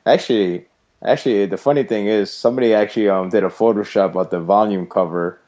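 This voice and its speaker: A man chatting loosely on a fan podcast, rambling between bursts of laughter. His voice sits low and mellow. The sound is muffled and lo-fi. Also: fast talker. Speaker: podcast co-host. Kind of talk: casual fan podcast chat. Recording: muffled lo-fi voice chat audio.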